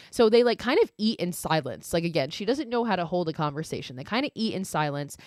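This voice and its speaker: A woman's voice: fairly low pitch, no room sound, clean studio sound. A young woman hosting a podcast, casually retelling a horror film's plot in a chatty style full of fillers and quoted lines. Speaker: podcast host. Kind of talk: casual film recap.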